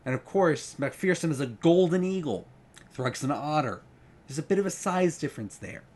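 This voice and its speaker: A man's voice: on the high side, expressive, normal speed, darkish tone. A man giving a casual book retrospective, rambling and hesitant with many ums and restarts. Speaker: book reviewer.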